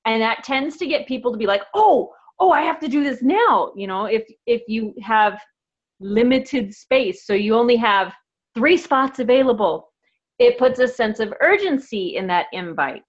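A woman leading a casual team video call, bubbly and excitable, talking in a chatty, enthusiastic way. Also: a little high, muffled recording. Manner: bubbly, excitable, quick to laugh. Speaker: team leader on a coaching call. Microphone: video call microphone.

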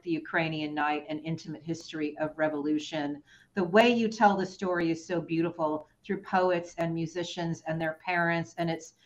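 Earnest woman host, dull audio. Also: low-pitched. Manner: earnest, emotional, halting. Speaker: podcast host. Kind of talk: interview questions.

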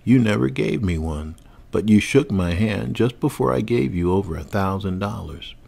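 A man's voice: on the low side, expressive, moderate pace, vocal fry, a little mellow, slightly rough, full character voice. A man voicing Peter, a proud, earnest Black carpenter and husband who pleads politely. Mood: pleading. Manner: polite, pleading, growing desperate.

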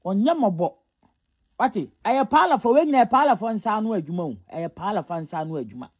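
A man's voice: sits high, expressive, fast, husky. A Ghanaian man giving casual gossip commentary, mocking and scolding as he mixes Twi and English. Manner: scolding, mocking, often laughing.

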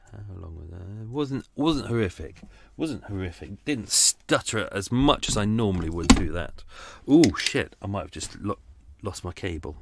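A podcast host talks in a loose, rambling way from inside his moored canal boat. His pitch swings widely as he drifts between topics, and he often mocks himself along the way. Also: vocal fry, no room sound. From England. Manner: chatty, rambling, self-mocking asides. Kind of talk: casual rambling chat.

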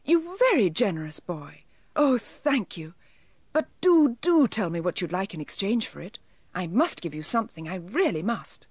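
A woman voicing a tiny, eager, fretful male elf with a small silvery voice, high and pleading, in a storybook reading. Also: very animated, normal speed, slightly rough, no echo.

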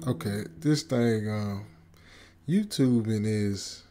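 Laid-back low gravelly man. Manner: laid-back, slow, low-key talk with slang. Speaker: storytelling channel host. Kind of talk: casual chat to viewers. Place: home at night.

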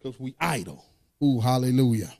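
A man's voice: mid-range voice, expressive, normal speed, vocal fry, a little mellow. A man preaching a sermon, reading scripture aloud and breaking into sung, call-and-response lines in casual speech.

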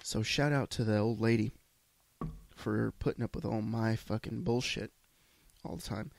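A man's voice: on the low side, fairly even intonation, moderate pace, gravelly, no room sound. Congested, foul-mouthed male podcast host. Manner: profane, rambling, self-deprecating. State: congested from a sinus issue. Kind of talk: solo casual monologue. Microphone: podcast microphone.

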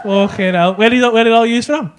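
Brash high-voiced Liverpool comedian. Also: male voice, a little fast, heavy background noise. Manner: brash, sweary, teasing banter. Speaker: stand-up comedian. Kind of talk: live stand-up crowd work. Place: comedy club stage. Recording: live club with loud crowd laughter.

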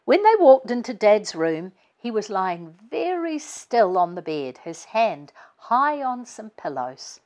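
A woman author reading her family storybook aloud in a gentle, expressive way. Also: mid-range voice, slow, few pauses. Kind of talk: children's storybook read-aloud.

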